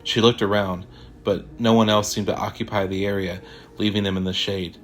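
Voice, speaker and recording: Low-voiced man narrating a horror story. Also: flat delivery, moderate pace, a little hiss or hum.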